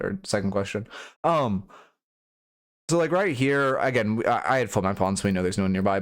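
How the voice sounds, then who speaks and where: A young man giving casual live-stream coaching commentary on a video game, frank and blunt, swearing now and then and restarting his sentences. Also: medium pitch.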